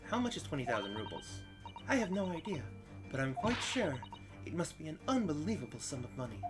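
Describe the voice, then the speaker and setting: A man's voice: fairly high pitch, sing-song, a little fast, music in the background. A man reading and commenting on a story game, with wry, self-deprecating asides. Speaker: let's play host.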